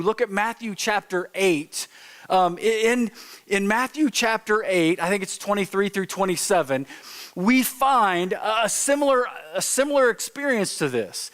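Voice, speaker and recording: Male pastor, light high voice, informal sermon that acts out its stories. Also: fairly bright tone. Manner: informal, storytelling, acts out quotes. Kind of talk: conversational sermon. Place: church sanctuary.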